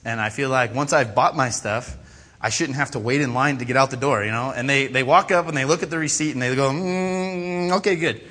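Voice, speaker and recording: A man delivering an animated sermon, his voice bright and forceful. He tells stories that poke fun at himself and acts out the people he quotes in their own voices. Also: medium pitch, quick pace, breathy edge. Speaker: pastor. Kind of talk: storytelling sermon.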